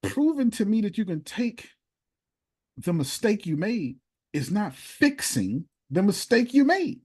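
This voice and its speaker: A man's voice: high-pitched, big pitch swings, measured pace, husky. A man coaching a group in an emphatic, preachy manner, using casual, conversational grammar and repeating his points for effect over a video call. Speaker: motivational speaker and business coach. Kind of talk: animated live coaching session.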